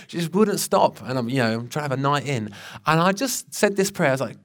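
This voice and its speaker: Man, thirties, pastor preaching, earnest storytelling, slightly high voice. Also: lively intonation, fast, a bit bright. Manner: earnest, personal storytelling with many restarts. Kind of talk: sermon.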